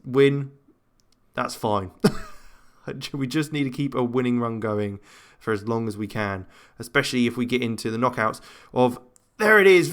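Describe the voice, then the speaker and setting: A man's voice: mid-range voice, a bit bright. A man giving rambling, chatty commentary as he plays a football management game, full of fillers and side remarks. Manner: chatty, rambling match commentary with self-talk and frequent fillers. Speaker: gaming channel host. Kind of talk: let's-play gameplay commentary.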